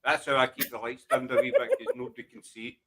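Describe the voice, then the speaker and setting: A man's voice: mid-range voice, fairly even intonation, quick pace, sharp tone, poor audio. Jokey Glaswegian man hosting a chat. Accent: Glaswegian Scottish. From Glasgow, Scotland. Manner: jokey, rambling, self-deprecating. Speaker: host. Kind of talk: casual chat show.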